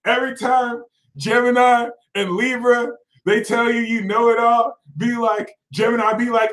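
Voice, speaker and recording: A man hosting an astrology livestream, ranting animatedly, dropping to low mutters and then breaking into loud shouts while mocking other signs in put-on voices. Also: little pitch movement, normal speed, roomy sound, rough recording. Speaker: astrology channel host.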